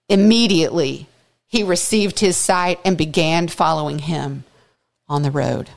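A woman teaching a Bible study, reading scripture aloud with emphatic, expressive asides. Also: on the low side, a little slow, gravelly.

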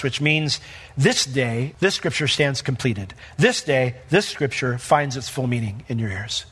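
A male pastor preaching a sermon in an animated, conversational way, acting out the quotes. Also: fairly high pitch, husky, in a large hall.

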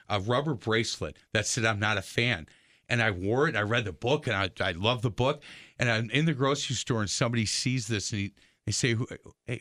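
A man's voice: on the low side, pushed and bright, no room sound, studio quality. An older man hosting a faith talk show, chatting casually with a guest, restarting his words often and telling stories. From Southeast Wisconsin. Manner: stammering restarts, storytelling. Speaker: radio show host. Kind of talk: casual interview chat.

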